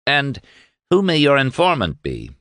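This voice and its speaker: A man's voice: medium pitch, huge pitch swings, measured pace, a bit bright, no room sound, pitched above the performer's own voice. A man voicing a blunt, plain-spoken old male village editor in an audiobook reading. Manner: plain-spoken, dry and cutting.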